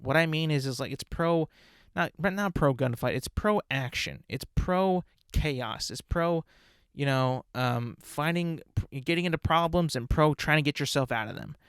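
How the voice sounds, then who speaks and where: A young man with a slightly high, smooth and clear voice hosts his own podcast and rants off the cuff. He talks bluntly and swears freely, circles back and restarts his sentences. The sound is close and dry. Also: moderate pace, fairly bright tone, no echo. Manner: blunt, opinionated, profane, rambling with restarts. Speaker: podcast host. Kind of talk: casual solo podcast rant.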